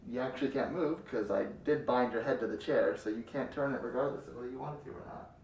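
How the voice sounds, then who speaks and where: A man acting as a crude, menacing bandit captor in a 3D audio role-play, swinging between close whispers and loud taunts. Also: mid-range voice, quick pace, reverberant, slight background noise, lightly acted. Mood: taunting.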